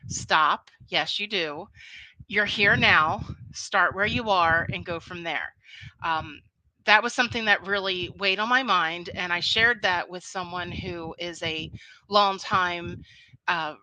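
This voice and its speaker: A woman with a Philadelphia accent chatting as an interview guest, upbeat and quick to laugh. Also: fairly low pitch, pushed and bright, no room sound, low-quality recording. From Philadelphia, United States. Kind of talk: casual interview chat.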